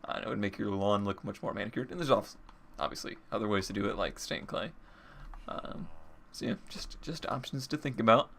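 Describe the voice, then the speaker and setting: A man's voice: fairly low pitch, brisk, creaky, a bit bright, slight background noise. A man giving casual gameplay commentary as he builds, thinking aloud and restarting his sentences. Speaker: Minecraft let's player.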